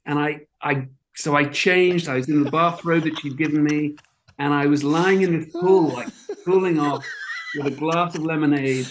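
A man's voice: fairly high pitch, moderate pace, a crowd in the background. A man, a documentary producer who did not grow up in America, telling a story in casual chat and acting out the voices in it. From outside America. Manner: animated, acts out voices in anecdotes.

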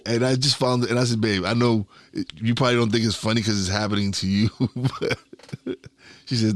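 A man's voice: lowish voice, moderate pace, no room sound. A man from Brooklyn, casually telling a story as a podcast host and laughing often as he talks. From Brooklyn, New York. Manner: chuckling anecdotal storyteller. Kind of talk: casual chat.

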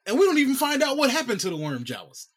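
A man co-hosting a podcast who pokes holes in a story with playful, wry skepticism. His voice sits high for a man. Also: huge pitch swings, quick pace, fairly bright tone. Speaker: podcast co-host. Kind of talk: casual chat.

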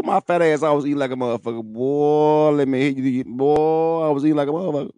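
A man telling his own story in casual, profane, animated talk, laughing and breaking into high shouts. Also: fast, few pauses, clear, resonant tone, no echo.

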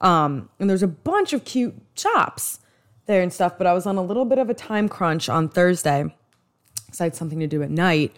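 A podcast host, a woman with a New York accent, chats on her own in a loose, rambling way, often restarting her sentences. Her pitch swings widely up and down as she gets animated. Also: normal speed. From US East Coast. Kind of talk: casual solo podcast chat.

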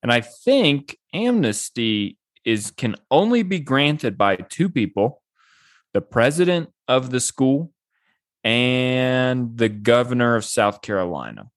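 A young man co-hosts a loose conversation among friends. He rambles through his story with ums and laughs in a middle-pitched voice. The recording is dry and close. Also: big pitch swings, slow, no room sound. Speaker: podcast co-host. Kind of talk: casual chat among friends.

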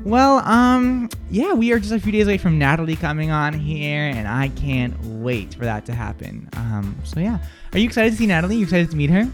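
A man's voice: on the high side, expressive, fairly quick, faint music behind. A man co-hosting a live morning radio show, joking and teasing his co-host in casual banter. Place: radio studio.

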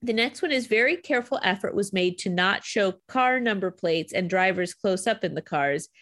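A woman co-hosting a relaxed podcast, her pitch swinging widely as she talks. She laughs easily and rattles through trivia in a chatty way. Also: moderate pace. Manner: laughs often, animated trivia reading. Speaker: podcast co-host. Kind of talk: casual chat.

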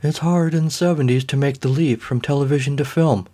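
A man's voice: on the high side, steady tone, fairly quick, warm tone, voice pushed up, natural voice. A man voicing a frazzled, self-pitying male film director in a comedic audio story.

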